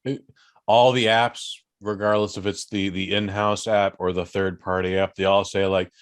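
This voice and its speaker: A man hosting a podcast, telling a story in a casual, animated way, swearing freely and acting out other people's voices. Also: deep voice, moderate pace, smooth, dry recording, clean studio sound. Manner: animated, profane, acts out voices in his stories. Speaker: podcast host.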